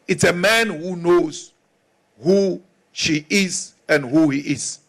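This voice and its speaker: Slow, high-voiced South African politician. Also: male voice, creaky. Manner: forceful, emphatic, repeats lines for effect. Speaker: opposition politician. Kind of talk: political rally speech.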